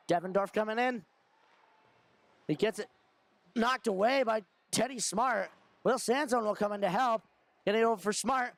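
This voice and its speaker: Young male hockey commentator, high-pitched and gravelly, fast running call with shouts on the big plays. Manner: rapid running call, rising to shouts on shots and goals. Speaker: play-by-play commentator. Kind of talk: amateur hockey play-by-play commentary.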